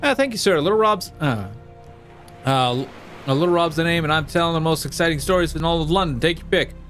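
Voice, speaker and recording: Chirpy street story vendor read by a man, high hawker's patter for a game. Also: fast talker, fairly bright tone, faint music behind, lightly acted.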